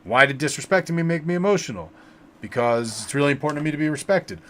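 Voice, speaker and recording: A man hosting a casual livestream tarot reading, reading viewers' names from the chat and giving relaxed advice, with many fillers and repeated words. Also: on the high side, fast, a little hiss or hum.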